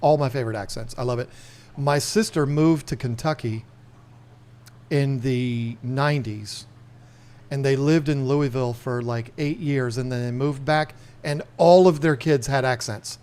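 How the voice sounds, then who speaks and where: A man's voice: mid-range voice, measured pace, darkish tone, clear, resonant tone. A man in his fifties co-hosting a podcast, chatting casually in a rambling, enthusiastic way. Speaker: podcast co-host. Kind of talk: casual chat.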